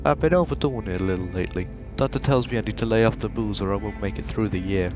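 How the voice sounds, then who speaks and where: A man's voice: lowish voice, fast, natural voice. A man voicing a jovial, boastful American spy passenger who talks in a brash, jokey way. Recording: game music playing behind.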